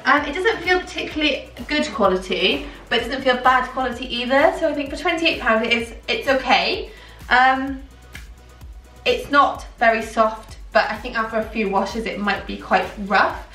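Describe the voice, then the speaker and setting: A young woman talks through a clothing haul in a chatty, gushing way. Her voice is bright and a little high. She sounds slightly off-mic in an echoey room, with soft music playing behind her. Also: animated, moderate pace, distant mic. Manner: chatty, gushing, filler-heavy. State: out of breath. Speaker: fashion vlogger. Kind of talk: casual haul vlog.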